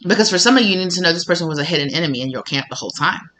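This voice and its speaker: Talking rapid-fire straight to viewers, a tarot reader gives a casual reading in a bright, sharp, mid-range voice with lively intonation. She's blunt and sassy, cursing freely and laughing a lot.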